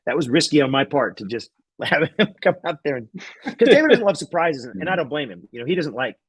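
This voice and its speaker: A man's voice: on the high side, very animated, fast, breathy edge, dry recording. A man, a guest magician, telling a rambling anecdote in casual chat, laughing often and restarting sentences.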